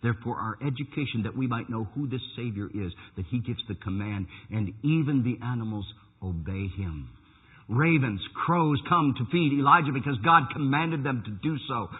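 A man preaching a sermon with animated storytelling, swinging from loud bursts to hushed asides. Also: mid-range voice, moderate pace, husky. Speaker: pastor. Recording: tinny phone-like line.

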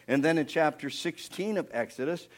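A middle-aged preacher from Pennsylvania delivers a lively sermon in a slightly higher-pitched male voice. He tells the story with energy, putting on voices for the characters and dropping to near whispers for emphasis. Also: moderate pace. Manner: animated storytelling, acting out voices, swinging from loud to hushed. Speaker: pastor.

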